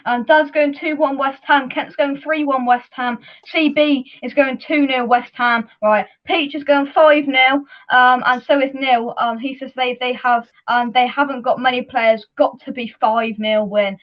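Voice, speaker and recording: High-voiced woman hosting a fan chat. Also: steady tone, measured pace, hardly any pauses, lo-fi sound. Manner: chatty, hesitant with many ums. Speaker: fan channel host. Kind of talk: casual live fan preview chat.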